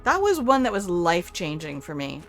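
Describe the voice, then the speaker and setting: A woman's voice: lowish voice, sing-song, normal speed, fairly bright tone, soft background music. An older woman chatting casually as she streams a video game. She talks back to the game and swears offhandedly. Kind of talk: casual live-stream gameplay commentary.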